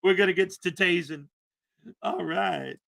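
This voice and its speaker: A man's voice: high-pitched, unhurried, creaky, fairly bright tone. Sarcastic man hosting a live stream. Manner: rambling, sarcastic, laughing. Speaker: host.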